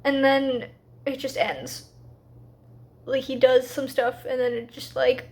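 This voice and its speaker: Woman, high-pitched, casual vlog chat, filler-heavy, quick asides. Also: lively intonation, darkish tone. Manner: chatty, frequent fillers like "like"; quick, slightly rushed asides. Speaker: book vlogger.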